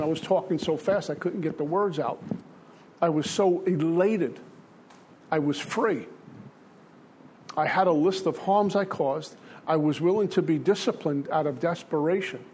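A man's voice: a little high, moderate pace, a little mellow, a little hiss or hum. Earnest older man telling his story. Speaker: recovery speaker. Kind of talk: personal testimony talk.

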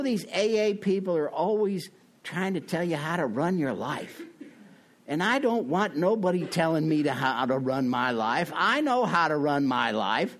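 A middle-aged man shares his drinking story at a recovery meeting. His delivery is animated, rising into loud, high-pitched bursts before dropping low again. He mocks himself as he goes, and his voice sits at a medium pitch. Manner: self-mocking, laughs at himself. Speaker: recovering alcoholic speaker.

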